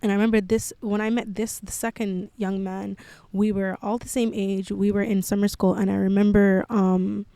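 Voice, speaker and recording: A young woman shares a personal story on her podcast in a candid, meandering way, scattering "like" through nearly every sentence. Her voice sounds mellow and dark, and the recording is dry and close with no room sound. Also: medium pitch, flat delivery, normal speed, vocal fry, dry recording. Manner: candid, filler-heavy with frequent "like". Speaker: podcast host.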